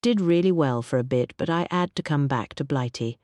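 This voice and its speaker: A woman's voice: low voice, brisk, darkish tone, no echo, clean studio sound, close to an everyday voice. A woman voicing a short, rotund working-class army cook who drops his aitches and talks in slang. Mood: chatty. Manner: dropped aitches, slangy, sheepish.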